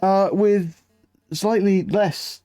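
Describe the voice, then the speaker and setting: A man's voice: high-pitched, steady tone, extremely slow, mellow, faint music behind. A man live-streaming a video game, chatting in a rambling, scatterbrained way and greeting viewers. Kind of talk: live-stream gameplay chat.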